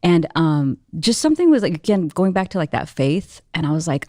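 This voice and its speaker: A young adult woman recounting her story as an interview guest, her voice dry and close with little room sound. She talks in a lively, quick rush of fillers and restarts, swinging her pitch up when she acts out scenes. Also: dry recording. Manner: animated, fast storytelling with many fillers. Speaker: guest entrepreneur and musician.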